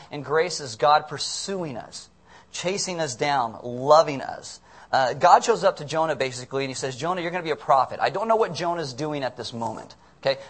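A man preaching a casual, joking sermon, often acting out quotes in the voices of the people in the story. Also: fairly high pitch. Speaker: pastor.

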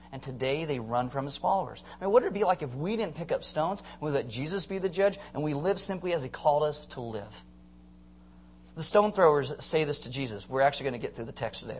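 A male pastor giving a sermon to a congregation, telling stories in a joking, animated way and acting out voices. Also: a little high, slight background noise. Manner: joking, animated storyteller who acts out voices. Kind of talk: sermon with storytelling. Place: church before a live congregation.

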